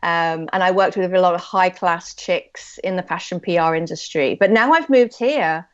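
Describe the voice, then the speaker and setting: A woman's voice: lowish voice, normal speed. A British woman, a guest and company co-founder, chatting casually and teasing herself in an interview. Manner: playful, self-mocking. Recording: dull lo-fi line.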